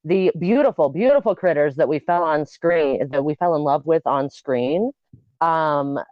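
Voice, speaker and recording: A woman's voice: low-pitched, animated, measured pace, dry recording. Blunt woman on dull lo-fi call. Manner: blunt, laughing, crude humor. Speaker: guest, piercer. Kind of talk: casual podcast chat.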